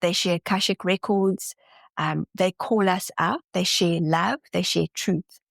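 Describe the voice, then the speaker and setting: A woman's voice: on the low side, steady tone, a little slow, vocal fry, dry recording, clean studio sound. A woman guest in a casual interview, talking earnestly and enthusiastically, often restarting her sentences. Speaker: podcast guest, spiritual channeler.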